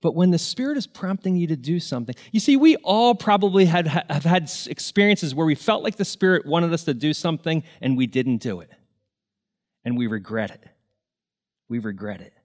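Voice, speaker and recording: A man's voice: fairly high pitch, lively intonation, moderate pace, darkish tone. A man preaching a sermon, telling stories in an earnest, emotional way. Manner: earnest, emotional, tearful at moments. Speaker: pastor. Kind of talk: sermon storytelling.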